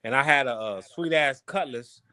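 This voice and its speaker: Bright-voiced man telling stories. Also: medium pitch, moderate pace, no room sound. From Chicago, USA. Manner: animated storyteller, loose slangy talk with swearing. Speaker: podcast guest, former boxer. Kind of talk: casual storytelling interview.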